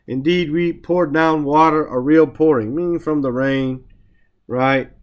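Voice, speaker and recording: A man teaching the meanings of Quranic verses, reciting the Arabic quickly, then explaining each word slowly with repetitions. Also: on the high side, steady tone. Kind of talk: Quran vocabulary lesson.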